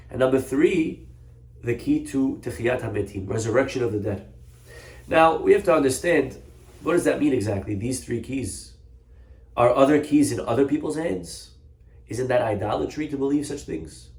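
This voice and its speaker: A man giving a sermon, telling a parable and acting out the characters' voices in an animated way. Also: mid-range voice, roomy sound. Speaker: rabbi giving a Torah talk.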